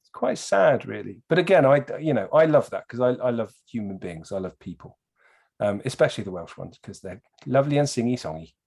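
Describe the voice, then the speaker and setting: Man, podcast guest, lively storyteller who swears a lot. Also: medium pitch, fairly quick, vocal fry, husky. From England. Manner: animated storyteller, swears freely. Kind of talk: casual podcast chat.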